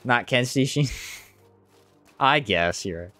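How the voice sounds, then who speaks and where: A man's voice: expressive, takes it slowly, bright, forceful tone, faint music behind. A man streaming a game live, chatting casually with viewers and reacting to the play. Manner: chatty, reads out chat, jumps up in pitch when surprised. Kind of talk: casual live gameplay commentary.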